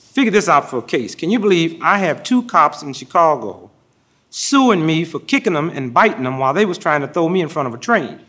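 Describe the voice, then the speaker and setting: A man doing a stand-up comedy set on a TV show, telling stories with deadpan punchlines before a live studio audience. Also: a little high, a little fast, a little hiss or hum.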